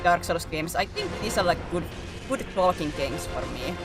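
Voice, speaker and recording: Woman streamer, lively sing-song giggly chat with friends, game music playing behind. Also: fairly low pitch, normal speed. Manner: giggly, teasing, restless. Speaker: streamer hosting a gaming stream. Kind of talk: casual chat while gaming.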